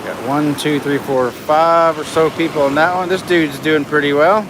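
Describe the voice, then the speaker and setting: A man's voice: fairly high pitch, fairly even intonation, moderate pace. A middle-aged man on a casual live stream. He reads out viewer comments and narrates what he sees from a beach inlet, filming on a phone. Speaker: livestream host. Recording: outdoor noise in the background.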